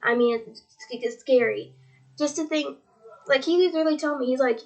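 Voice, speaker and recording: High-voiced teenage girl, earnest and tearful. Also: steady tone, normal speed, pauses often, a little mellow. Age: teens. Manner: earnest, rambling, repeats "he's like". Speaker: religious vlogger. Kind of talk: earnest faith vlog.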